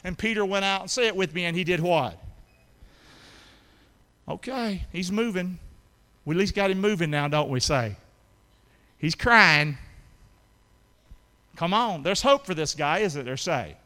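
A middle-aged man preaching a sermon as pastor, calling out questions to his congregation and rising to shouts. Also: sits high, lively intonation, measured pace, long pauses. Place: church sanctuary. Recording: long hall reverb.

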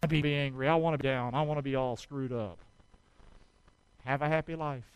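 A man preaching a sermon, calling on the congregation to repeat after him and shouting exhortations. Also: medium pitch, fairly even intonation, normal speed, clear, resonant tone, no echo, rough recording. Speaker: pastor.

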